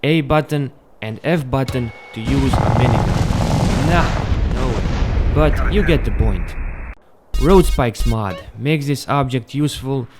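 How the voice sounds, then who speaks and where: A man's voice: medium pitch, unhurried, over loud music. Young man casually narrating a game tutorial. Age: young adult. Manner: unscripted, relaxed, with self-admitted stumbles. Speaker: gaming channel host. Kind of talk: casual gameplay tutorial voice-over.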